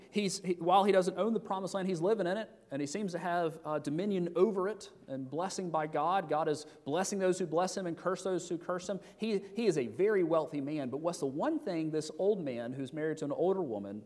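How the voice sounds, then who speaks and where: A man's voice: on the high side, a little mellow. A middle-aged man preaching a sermon as pastor, talking conversationally with rhetorical questions and frequent restarts. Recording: long hall reverb.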